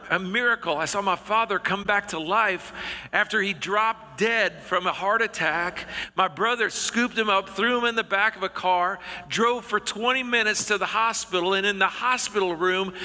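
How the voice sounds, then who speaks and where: A middle-aged male pastor tells his story in a slightly raised, very bright voice. He speaks in a folksy, earnest way and stumbles and restarts often. His words ring out with the long reverb of a large hall. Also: high-pitched. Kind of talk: storytelling sermon.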